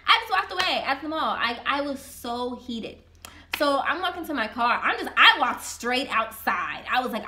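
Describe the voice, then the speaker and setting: A young woman vlogger telling a personal story in a casual, animated, slangy way. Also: high voice, normal speed.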